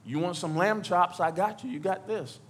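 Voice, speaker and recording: A man preaching as pastor, talking to the congregation conversationally, acting out quotes and building to loud exhortation. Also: sits high, normal speed. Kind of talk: sermon.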